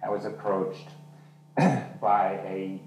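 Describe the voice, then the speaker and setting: A man's voice: on the low side, very slow, a little mellow, faint music behind. A male author and journalist chatting candidly about his novel, acting out the dialogue as he tells the story. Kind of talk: casual talk about his novel at a reading. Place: literary venue hall. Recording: roomy hall from far off, faint noise.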